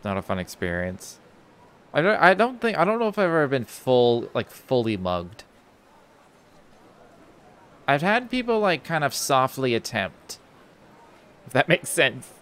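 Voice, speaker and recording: A man's voice: medium pitch, huge pitch swings, measured pace, pauses often, fairly bright tone, clean tone. Rambling young male game streamer. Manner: rambling, full of "like" and restarts, casual swearing. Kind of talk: casual storytelling while gaming.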